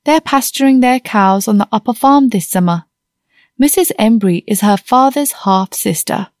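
A woman's voice: a little high, normal speed, no echo, clean studio sound, close to an everyday voice. A woman voicing a plain-spoken, sensible country landlady in an audiobook, homely and matter-of-fact. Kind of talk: audiobook character reading.

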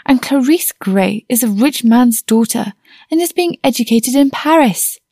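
A woman reading the part of a cheerful, outspoken young woman in an audiobook, bright and breezy. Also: fairly high pitch, expressive, measured pace, no echo, clean studio sound, voice pushed up. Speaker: niece.

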